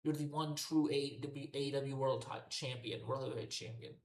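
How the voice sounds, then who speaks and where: A woman's voice: very deep voice, steady tone, normal speed, slight background noise. A woman ranting heatedly as a wrestling show reviewer, swearing constantly and repeating herself in exasperation. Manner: profane, exasperated, repetitive ranting. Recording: roomy echoey room.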